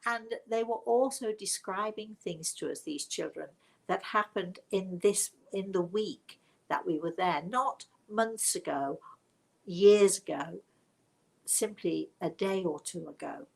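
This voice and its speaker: Taking it slowly, a British spiritual medium shares warm, reflective stories on a livestream, laughing at herself as she goes. She has a gravelly, mid-range voice, captured in a low-quality recording.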